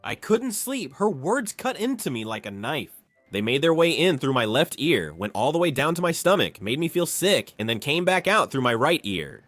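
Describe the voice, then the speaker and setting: A man's voice: on the high side, sing-song, moderate pace, a bit bright, no room sound, soft background music. A man narrating a comic story in casual spoken style, doing the other characters' voices himself, with crude slang and a habit of saying "man". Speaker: storyteller voicing all the characters.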